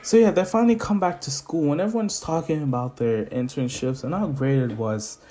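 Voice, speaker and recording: A man's voice: fairly high pitch, brisk, warm tone. A man casually retelling an improvised anime fan story, rambling with restarts and laughs.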